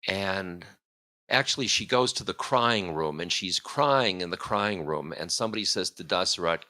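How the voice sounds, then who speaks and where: A man's voice: sits low, normal speed, bright, forceful tone. A man, a spiritual teacher, giving a storytelling lecture in a casual, meandering way with chuckling asides.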